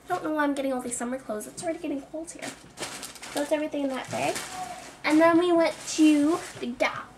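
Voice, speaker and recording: A woman's voice: sits high, fast talker, slight background noise. A young woman chatting casually in a clothing haul video, full of "like" and self-mocking asides. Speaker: vlogger.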